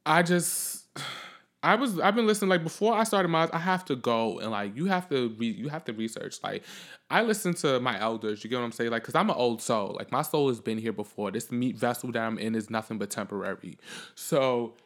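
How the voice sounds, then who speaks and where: A man hosting his own podcast alone, talking off the cuff in a blunt, profane, sassy way, swinging between loud outbursts and low muttering. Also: brisk. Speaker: podcast host. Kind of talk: solo podcast monologue, unscripted.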